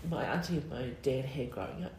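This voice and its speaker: A middle-aged woman with a New Zealand accent, speaking in an interview with many fillers, emotional and halting. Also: extremely low pitch, lively intonation, a little mellow, slight background noise. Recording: roomy echo.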